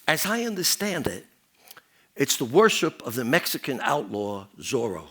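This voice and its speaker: A man plays a paranoid, rambling stand-up character who leaps from one wild idea to the next and tosses off deadpan puns. His voice sits high, bright and sharp, and it swoops up and down before dropping to a mutter at the end of each rant. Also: gravelly, heavily acted. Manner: rambling, jumps between topics, deadpan puns. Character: rambling, paranoid married man chatting up a worker.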